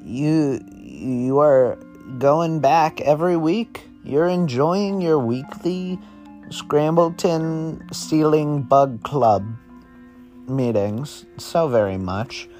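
A man's voice: on the high side, animated, extremely slow, darkish tone, faint music behind. A young man telling an improvised second-person story, rambling casually and often correcting himself. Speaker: podcast storyteller.

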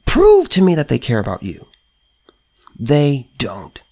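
A man's voice: medium pitch, big pitch swings, takes it slowly. Emphatic man giving political commentary. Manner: emphatic, repetitive rhetorical questions; stammering restarts when worked up. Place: California.

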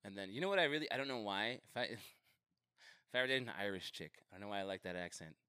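A young man co-hosting a casual podcast, laid-back and joking, with loud bursts and mutters. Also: fairly low pitch, animated, racing, smooth, no echo, studio quality. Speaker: podcast co-host. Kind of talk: casual chat.

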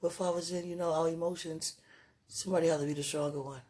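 Soft-spoken husky woman, tender and halting. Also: low-pitched, fairly even intonation. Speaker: partner speaking to a loved one. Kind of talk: intimate emotional monologue with prayer.

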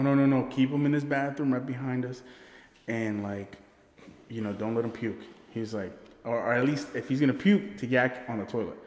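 A man's voice: on the low side, darkish tone. A man telling a party story in casual chat, rambling and swearing, laughing often. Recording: roomy with long reverb.

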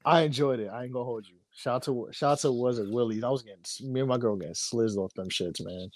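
A man co-hosting a podcast, chatting casually with animated, slangy, joking banter. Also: mid-range voice, fast, dry recording. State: tired. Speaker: podcast co-host. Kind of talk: casual chat.

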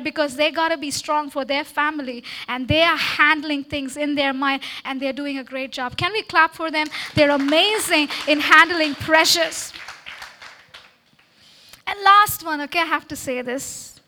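Speaking into a handheld microphone at a church meeting, a woman delivers a sermon-style talk to the congregation. Her voice sits high and a little slow, with a bright, forceful tone. She exhorts her listeners and keeps checking in with them through a recurring "Okay?" call-and-response.

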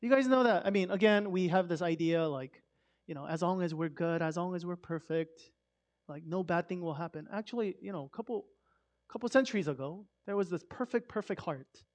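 High-voiced man preaching casually. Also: fairly quick. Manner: conversational, swings between loud emphasis and soft hush; asks rhetorical questions. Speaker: pastor. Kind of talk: sermon.

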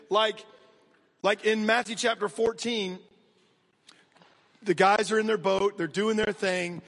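In a large, reverberant hall, an American man with a fairly high voice delivers a lively, conversational sermon as a pastor. He addresses the congregation directly in asides, alternating rapid bursts with slow, emphatic phrasing.

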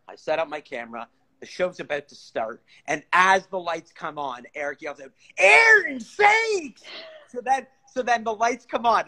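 A man's voice: fairly high pitch, bright, forceful tone. A man, a stage actor and podcast guest, chatting casually, laughing often and restarting his sentences. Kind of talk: casual chat.

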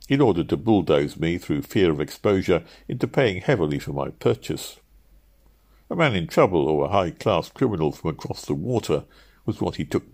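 A man narrating an audiobook in a measured, steady reading. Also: sits low.

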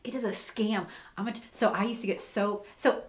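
A woman's voice: mid-range voice, fairly even intonation, a little fast. A woman co-hosting a casual chat, giving blunt, matter-of-fact opinions from her time as a teacher. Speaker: co-host, former teacher.

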